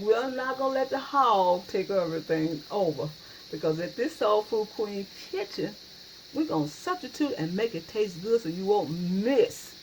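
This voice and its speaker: A woman chats her way through a recipe in her home kitchen. She talks in a folksy, homey manner, at an everyday middle pitch. A faint hiss sits under the recording. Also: low-quality recording. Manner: folksy, repeats "y'all" and "yes, indeed". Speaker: cooking channel host. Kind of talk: casual cooking video.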